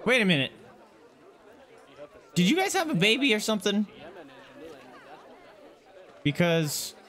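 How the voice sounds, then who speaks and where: A man's voice: high voice, sing-song, unhurried, fairly bright tone, some chatter behind. A man commenting on his own playthrough of a zoo game, who gushes over the animals in baby talk and mutters to himself through the menus. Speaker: gaming channel host.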